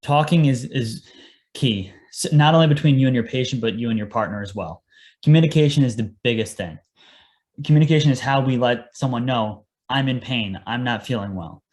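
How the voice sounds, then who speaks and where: An earnest young man talks casually as a podcast guest, telling how he got into his line of work. He speaks at an ordinary middle pitch and quotes his own past words as he goes. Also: fairly quick, a little mellow. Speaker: guest, paramedic.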